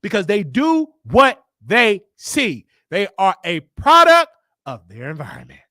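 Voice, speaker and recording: Speaking a little slowly in a sharp, high voice with huge pitch swings, a Chicago man hosts his own show. He relates a personal story in a casual, emphatic style, repeating lines for effect, in a dry, clean studio recording.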